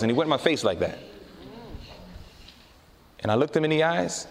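A man preaching to a congregation, his fairly high voice rising and falling in a lively, animated way. He tells stories with energy and slows down for emphasis. His voice rings out with a long hall reverb. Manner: animated storytelling, slowing down for emphasis. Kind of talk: sermon.

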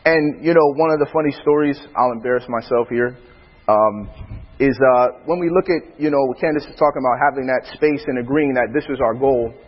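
A father giving a church talk on parenting, an animated storyteller who acts out his family's lines and laughs often. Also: mid-range voice, fairly quick, breathy edge, big-room sound, muffled recording. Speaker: father speaking alongside his wife.

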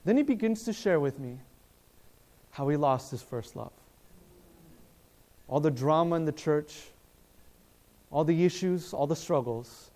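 A man preaching at a seminar, telling a story in a lively way, acting out the dialogue and asking his listeners questions, speaking in a hotel seminar room. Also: fairly high pitch. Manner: animated, acts out dialogue, asks the audience questions.

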